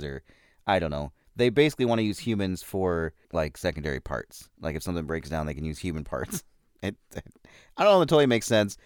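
Male podcast host, low smooth voice, casual rambling review style. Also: no room sound, clean studio sound. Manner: rambling, loose, with fillers and chuckles. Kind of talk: casual movie review monologue.

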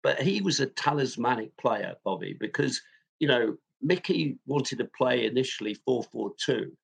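A man, a football club chairman, telling an anecdote in a lively way, chuckling often and restarting his sentences with fillers. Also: medium pitch, normal speed, creaky, a little hiss or hum. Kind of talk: anecdotal storytelling.

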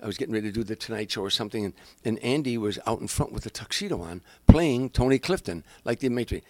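A man's voice: medium pitch, brisk, few pauses, no room sound. An older man, a comedian, telling show-business stories in casual conversation and acting out the people in them. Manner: animated, acts out voices, frequent restarts. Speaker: guest comedian. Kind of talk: casual anecdotal storytelling.

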